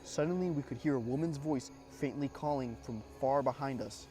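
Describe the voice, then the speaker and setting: Gentle music plays as a male horror narrator shares a first-person war story with a spooky edge. He speaks in a mellow, dark voice at middle pitch, measured and suspenseful, with the occasional casual aside.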